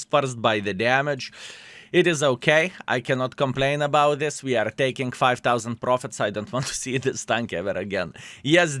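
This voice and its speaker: A man's voice: medium pitch, fairly bright tone, dry recording. A man giving live commentary over his own gameplay, chatty and frank, often turning to viewers with tag questions, his English phrasing plainly non-native.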